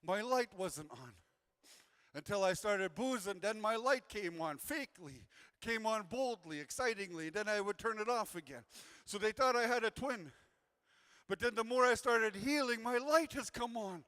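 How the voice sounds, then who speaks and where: A man delivers a personal storytelling talk in a high, smooth and resonant voice. He speaks earnestly and repeats his key phrases for weight. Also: animated, moderate pace, pushed and bright. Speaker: invited speaker sharing his healing journey.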